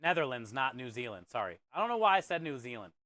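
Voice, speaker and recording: A man's voice: medium pitch, sing-song, fast talker, sharp tone, no room sound, studio quality. A man hosting a live cooking stream, chatting casually and reading viewer comments aloud in a friendly, laid-back way. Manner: friendly, chatty, addresses viewers as bro and dude. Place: kitchen or food truck.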